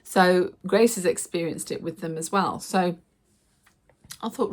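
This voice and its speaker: A middle-aged woman, chatting to camera in a casual vlog and telling stories with lively acted quotes. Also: fairly low pitch, unhurried. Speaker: lifestyle vlogger.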